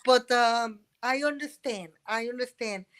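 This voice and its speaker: Animated high-voiced Puerto Rican woman. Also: a little slow. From Puerto Rico. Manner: chatty, animated storyteller with frequent laughs. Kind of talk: casual chat.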